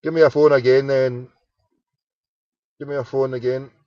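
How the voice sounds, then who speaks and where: A man's voice: medium pitch, little pitch movement, moderate pace, dark tone, no room sound. A Glaswegian man hosting a casual late-night phone-in, chatting with callers and fiddling with his computer between calls. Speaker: phone-in show host. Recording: dull, lo-fi home broadcast.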